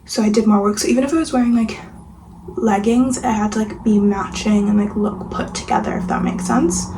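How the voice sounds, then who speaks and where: A woman's voice: mid-range voice, brisk, noisy background. A young woman chatting casually in a home vlog, rambling with lots of fillers and sometimes dropping to a near-whisper. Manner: soft, sometimes half-whispered. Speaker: vlogger. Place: home, kitchen and getting ready. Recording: audible room ambience behind the voice.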